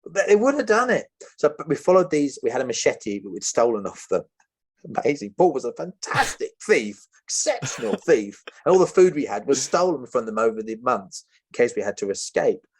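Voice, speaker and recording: A man, a podcast guest telling a story with lively energy, who acts out the voices of other people and often laughs. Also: medium pitch, a little fast, husky.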